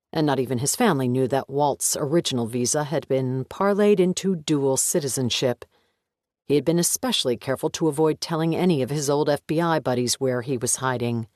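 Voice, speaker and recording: A man reading a thriller audiobook in an even, measured narration. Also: mid-range voice, no room sound, clean studio sound. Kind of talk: scripted narration.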